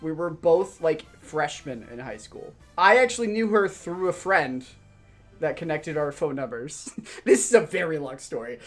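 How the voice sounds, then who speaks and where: A man's voice: a little high, expressive, moderate pace. A young man runs a game show for his friends over a voice call. He rambles, backtracks and laughs his way through a long story. Music plays faintly behind him. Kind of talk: casual chat, telling a story.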